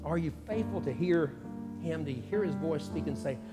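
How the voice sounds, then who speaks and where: A man preaching as pastor, his slightly raised voice carrying an earnest cadence full of pauses. The sound rings with a long church-hall reverb while a guitar plays clearly underneath. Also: on the high side, animated. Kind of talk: sermon with spoken prayer. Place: church sanctuary. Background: soft guitar music.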